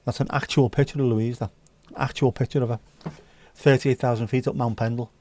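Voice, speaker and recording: A man's voice: medium pitch, fairly even intonation, a little fast, a little mellow. A man hosting a casual livestream, bantering cheekily with viewers and swearing freely. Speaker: livestream host serving virtual drinks. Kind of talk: casual chat.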